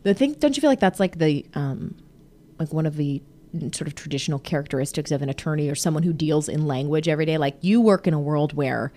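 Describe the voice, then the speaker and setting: A woman in her thirties hosting a podcast, chatting casually with her husband, animated with frequent laughs and fillers. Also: low voice, fast. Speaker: podcast host.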